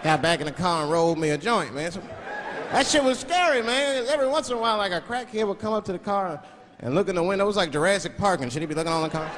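A man doing a stand-up comedy routine, animated storytelling that swings between hushed and loud, with a handheld mic on a large theater stage. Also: high-pitched, fast. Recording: live show with loud crowd and noise. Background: loud crowd laughter.

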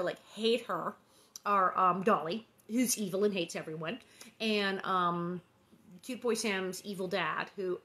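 A woman hosting an online book reading, chatting in a rambling, lively way with lots of fillers and quick laughs. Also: medium pitch. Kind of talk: casual chat between readings.

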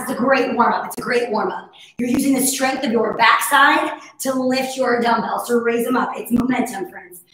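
A woman fitness instructor with a hoarse, husky voice, cueing breaths and moves in a casual, encouraging live workout class. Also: fairly high pitch, fairly bright tone. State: hoarse from overuse. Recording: very echoey room.

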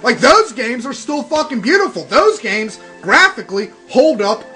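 High, lively, foul-mouthed young gamer man. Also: moderate pace. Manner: profane, ranting, excitable. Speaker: let's play host. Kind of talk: casual gaming commentary. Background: faint game music.

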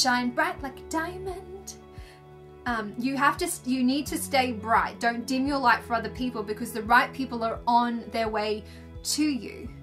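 A woman's voice: a little high, sharp tone. A woman doing a casual, gushing livestream card reading, chatty and full of fillers. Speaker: tarot and angel card reader. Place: indoors under filming lights.

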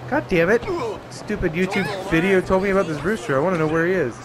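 A man's voice: high-pitched, fast, crowd noise. A young man giving profane, jokey let's-play commentary while he plays. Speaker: gaming channel host. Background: game music.

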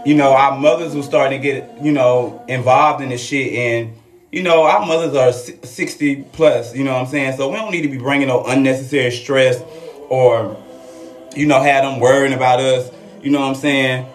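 A woman's voice: a bass voice, fairly even intonation, moderate pace. A transgender woman chatting frankly and profanely with viewers on a live stream. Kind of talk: casual live-stream chat. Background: faint classical Christmas music.

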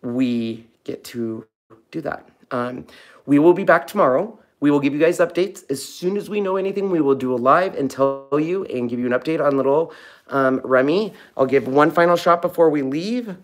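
A man hosting a casual live stream at home, talking fondly to puppies with soft baby talk. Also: on the high side, expressive, moderate pace. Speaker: host of a live puppy stream.

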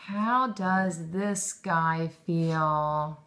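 A woman teaching young children, full of encouragement and quick praise. She speaks slowly and stretches out her questions. Her voice is bright and clear. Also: low voice.

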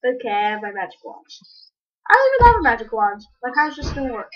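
A woman giving casual, rambling commentary while playing a game, breaking into sudden excited yelps. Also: a little high, moderate pace. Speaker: gamer. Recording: dull lo-fi recording.

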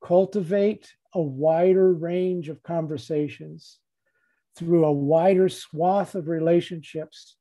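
A man giving a reflective dharma talk in a measured way, repeating phrases and leaving long pauses. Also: on the high side, fairly even intonation, dark tone.

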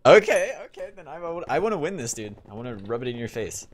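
A young man playing a game with friends, excitable and easily flustered. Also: mid-range voice, quick pace, faint music behind. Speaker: player. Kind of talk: casual gaming chat.

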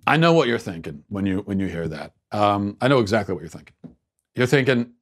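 A man's voice: fairly low pitch, sing-song, a little fast. A man hosting a talk show, giving sarcastic commentary and then answering listener emails casually, with many fillers and restarts. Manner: sarcastic, mock-outraged. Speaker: podcast host.

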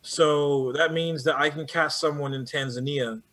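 Guest producer, man, higher-pitched voice, animated and restless delivery, many repeated starts. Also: unhurried. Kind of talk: casual conversation.

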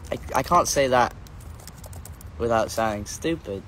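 A man's voice: medium pitch, moderate pace, pauses often, a bit bright, a little hiss or hum. Rambling man chatting on a livestream. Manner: rambling, self-correcting, playful. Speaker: musician hosting a livestream. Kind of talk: casual livestream chat, reading out viewer comments.

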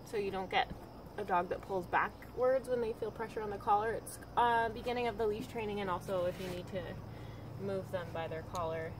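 A woman dog trainer calmly explaining, step by step, how she trains a dog. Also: brisk, background noise. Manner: calm, practical explaining with frequent high-pitched praise to the dog.

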